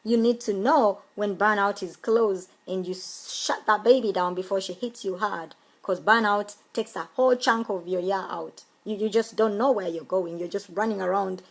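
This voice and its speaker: A middle-aged woman coaching on a motivational live stream, emphatic and repeating key phrases, pausing to greet viewers. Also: medium pitch, rough recording. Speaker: home business coach.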